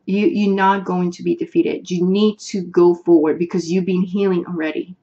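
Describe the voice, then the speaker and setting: A woman's voice: on the low side, little pitch movement, normal speed, few pauses, dark tone, lo-fi sound. Earnest woman. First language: Spanish. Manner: earnest, emotional, repeats herself, searches for words. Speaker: tarot reader. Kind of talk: casual tarot reading to viewers.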